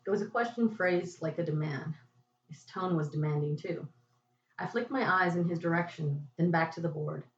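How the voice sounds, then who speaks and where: A woman's voice: lowish voice, normal speed, slight background noise. A woman podcast host reading a first-person detective story in a dry, wry narrating voice. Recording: echoey, distant, muffled home recording.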